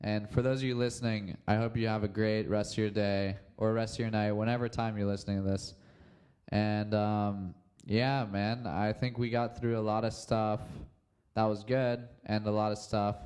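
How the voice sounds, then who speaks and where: A young man with a lowish, smooth voice hosts his own podcast alone, speaking at a normal speed. He rambles in a relaxed, casual way, leaning heavily on fillers like "um" and "like."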